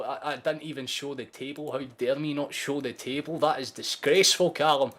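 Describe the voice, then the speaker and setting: A Scottish man in his twenties giving sweary, excitable live commentary while hosting a football watchalong stream. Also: medium pitch, brisk, few pauses. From Scotland. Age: 20s. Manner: excitable, sweary, shouting at big moments.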